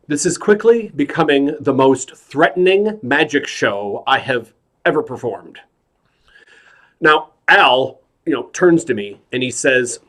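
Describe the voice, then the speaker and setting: Slow, deadpan male stand-up comic. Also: on the high side. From New York. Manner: hesitant, deadpan storytelling. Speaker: stand-up comedian. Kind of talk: stand-up comedy set.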